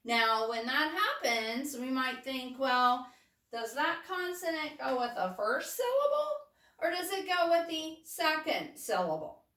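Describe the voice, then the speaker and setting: A woman teaching a phonics lesson to first graders, patient and steady, checking in with the children after almost every point. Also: high-pitched. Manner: slow, patient, checks in with "okay?" often. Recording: roomy, mic at a distance.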